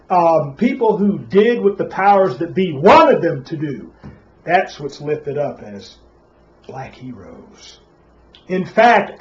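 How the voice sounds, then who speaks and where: A man preaches a Sabbath Bible class in a somewhat high voice. He keeps coming back to "Praise Yah" and keeps asking questions of his listeners. The recording sounds dull and lo-fi.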